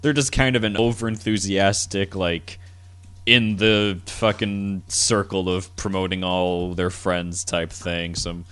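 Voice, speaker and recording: A man's voice: low voice, steady tone, a little slow, fairly bright tone, smooth. A man co-hosting a casual podcast, swearing freely and restarting sentences often. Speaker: podcast co-host.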